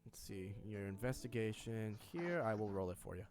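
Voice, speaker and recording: A man's voice: on the low side, moderate pace, faint music behind. Laid-back man running a tabletop game. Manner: relaxed, rambling, lots of fillers and laughs. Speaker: game master.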